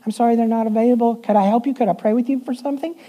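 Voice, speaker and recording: A man putting on the small, sweet voice of a soft-spoken woman who works as a church secretary. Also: fairly high pitch, steady tone, rapid-fire, pitched above the performer's own voice, close to an everyday voice. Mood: sweet, gentle.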